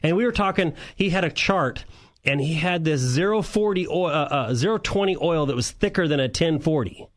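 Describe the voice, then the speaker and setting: A man who talks in a somewhat raised pitch, telling rambling shop stories on a car call-in radio show. He keeps it loose and conversational and chuckles often between his points. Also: animated, moderate pace. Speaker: car show co-host and mechanic. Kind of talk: casual radio chat.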